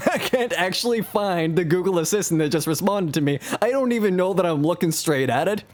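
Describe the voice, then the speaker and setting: A man's voice: high-pitched, animated, fairly quick. A man streaming live, telling a story in a casual, self-mocking way and chuckling as he talks.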